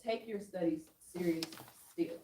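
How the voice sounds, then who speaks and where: A woman's voice: fairly low pitch, a little slow, dark tone, a little hiss or hum. A woman accountant on a workshop panel giving earnest, emphatic advice. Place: workshop room. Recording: roomy hall from far off.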